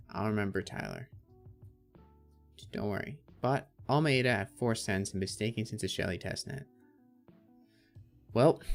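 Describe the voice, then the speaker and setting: A man hosting a casual crypto livestream, chatting and reading out viewer comments and answering them. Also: mid-range voice. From Canada.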